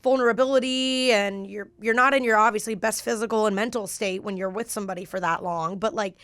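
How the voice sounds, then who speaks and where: A woman's voice: medium pitch, fairly even intonation, a little fast, fairly bright tone, no room sound. A woman guest, a stand-up comedian, chatting casually and telling a personal story with lots of fillers and laughs.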